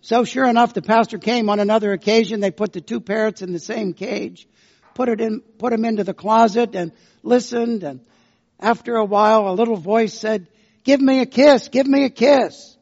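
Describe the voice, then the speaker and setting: A man preaching a sermon as pastor, telling folksy, unhurried stories. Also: sits high, steady tone. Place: church sanctuary. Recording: dull lo-fi sound with long church reverb.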